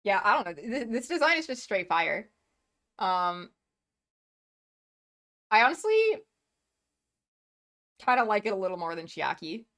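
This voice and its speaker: A woman's voice: mid-range voice, expressive, sharp tone. Gushing, rambling woman streamer. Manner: gushing, rambling, quick to laugh, frequent restarts. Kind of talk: casual live-stream chat.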